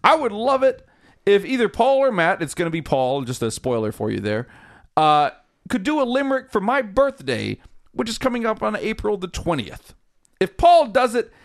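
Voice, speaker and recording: A man with a high, lively voice runs a casual comedy podcast. He reads out listener requests with a teasing, playful edge, his pitch jumping around expressively. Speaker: podcast host.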